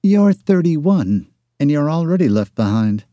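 A male audiobook narrator voicing a sharp-tongued young woman employee, exasperated and teasing, her lines lifted higher than his own voice. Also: sing-song, unhurried, no echo, muffled recording. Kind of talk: audiobook character voice.

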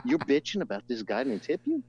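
A man's voice: medium pitch, wildly swooping pitch, quick pace, darkish tone, highs cut off, slight background noise. A man co-hosting a podcast, telling rambling, profane anecdotes in a chummy tone. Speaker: podcast co-host. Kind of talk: casual chat.

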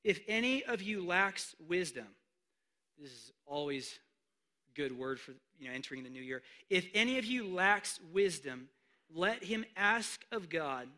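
Man, pastor, sermon, high bright voice, lively, hushed asides then loud declarations. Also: a little slow. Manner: animated, swings between hushed asides and loud emphatic declarations.

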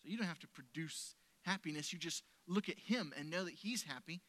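A man preaching a sermon at a church service, his fairly high voice bright and forceful. He tells stories in a conversational way, pushing some lines out loudly and letting others fall soft and low. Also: a little fast. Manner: conversational storytelling, swinging between loud emphasis and soft lowered tones. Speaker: pastor.

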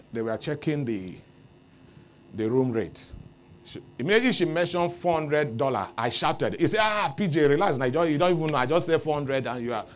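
A man preaching a sermon, telling a story with lively rises into loud exclamations. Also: mid-range voice, slight background noise. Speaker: pastor.

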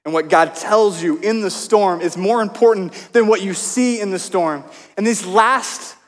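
High-voiced man preaching in a hall. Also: a little slow. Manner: storytelling, conversational with asides. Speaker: pastor. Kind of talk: sermon. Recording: long hall reverb.

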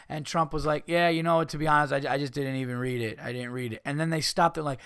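A man hosting a podcast, ranting casually with heavy swearing and mocking people in put-on high voices. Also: steady tone, fast talker, vocal fry, hardly any pauses, a bit bright, smooth, dry recording, studio quality. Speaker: podcast host. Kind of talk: casual rant.

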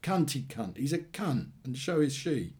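Man reading as a furious young man, foul-mouthed, blunt, animated pitch, storybook. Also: unhurried. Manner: swearing, bitter and blunt.

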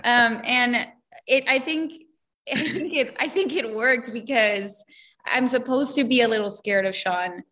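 A woman's voice: a little high, measured pace, bright, forceful tone. A woman, an actress, chatting in an interview, giggly and loose, with lots of "like". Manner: giggly, chatty, many "like" fillers. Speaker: actor. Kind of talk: casual interview talk.

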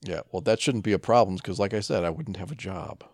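Podcast co-host, man, very low voice, deadpan and profane, dry close mic. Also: brisk, no room sound. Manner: laid-back, profane, deadpan asides. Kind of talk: casual chat.

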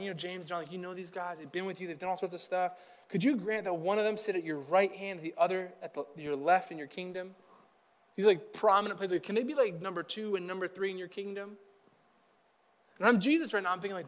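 A man's voice: high voice, quick pace, fairly bright tone. A man preaching a casual, conversational sermon as pastor, chatty and acting out quotes from Bible figures in everyday speech.

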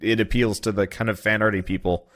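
A man's voice: fairly low pitch, flat delivery, fast talker, a bit bright. A young man chatting casually on a podcast, often hesitant and trailing off with fillers as he talks about games. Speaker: podcast guest, video game streamer.

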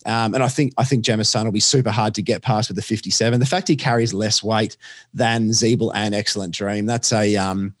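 An Australian man tipping horse races on a podcast, chatty and quick, with lots of fillers and restarts. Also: medium pitch, no echo, studio quality. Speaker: racing podcast tipster. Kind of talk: casual racing chat.

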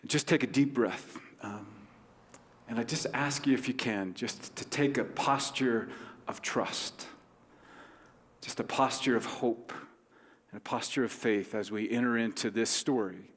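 A man preaching in a church sanctuary, his voice carrying a long hall reverb. He talks in an easygoing, conversational way with touches of humor. His pitch sits in an ordinary middle range. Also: a little slow, husky. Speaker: pastor. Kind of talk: sermon.

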